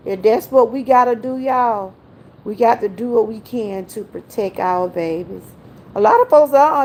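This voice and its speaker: A woman's voice: on the high side, a little mellow. An older woman, hosting a casual livestream, chatty and laughing often as she talks straight to her viewers. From Georgia, US. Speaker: livestream host.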